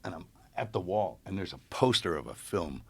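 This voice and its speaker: A man in casual conversation, telling an animated story and acting out the voices of the people in it. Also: low-pitched, fairly quick, gravelly, slightly rough.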